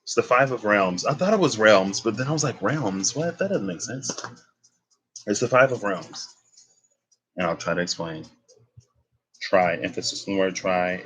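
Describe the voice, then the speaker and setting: A man's voice: low voice, a bit bright, poor audio. A young man giving a casual tarot reading, rambling and thinking aloud as he corrects himself. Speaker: tarot reader.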